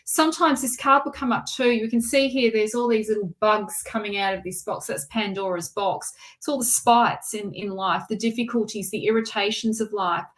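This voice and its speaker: A woman's voice: mid-range voice, moderate pace, few pauses, a bit bright. A middle-aged woman giving live tarot readings to viewers in a reassuring way, often repeating her phrases and restarting sentences. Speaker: tarot reader.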